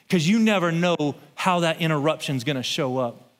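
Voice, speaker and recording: A male pastor with a fairly high voice tells a story from the pulpit in a relaxed, conversational way. He builds to an emphatic, rising delivery when he reads scripture. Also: moderate pace, in a large hall. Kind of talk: sermon with personal story.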